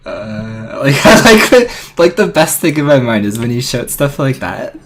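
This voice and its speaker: A man's voice: medium pitch, very animated, measured pace, heavy background noise. A man streaming a game, chatting casually and teasing his partner with frequent laughs. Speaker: streamer playing duos. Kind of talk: casual gaming chat.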